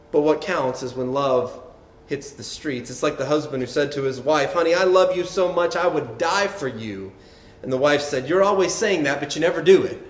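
Man, pastor, conversational sermon, somewhat high voice, echoey room. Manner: conversational preaching with repeated words and tags like "right?".

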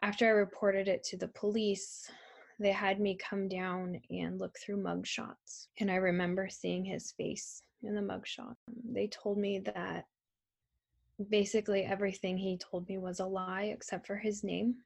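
A young woman telling a personal story in a halting, soft-spoken way, with frequent pauses and ums. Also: mid-range voice, little pitch movement, gravelly. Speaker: survivor telling her story. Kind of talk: personal testimony.

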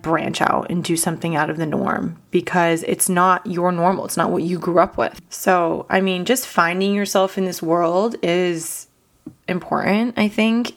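A young woman hosting a podcast, talking earnestly and emotionally with a voice cracking from crying, full of "like" and "you know". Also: lowish voice. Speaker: podcast host. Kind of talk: casual solo podcast talk.

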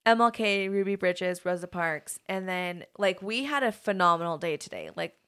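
A young woman teacher chats casually on a podcast. She talks freely and peppers her sentences with "like." She gets animated when she acts out what her students say. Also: lowish voice, normal speed, clean tone. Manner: chatty, peppered with "like", animated when quoting kids. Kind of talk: casual chat.

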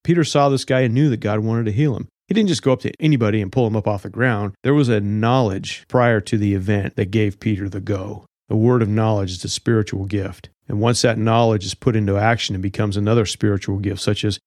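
A man's voice: lowish voice, fairly even intonation, fairly quick, hardly any pauses, a little mellow, no room sound, clean studio sound. A man giving a verse-by-verse Bible teaching in a conversational way, with casual slang asides.

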